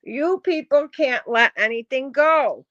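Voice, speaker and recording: New woman going off on her live chat, high voice, swears a lot, kinda dull lo-fi sound. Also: animated, measured pace, a bit bright, no echo. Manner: confrontational, blunt, swears often. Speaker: live streamer. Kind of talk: heated live-stream rant.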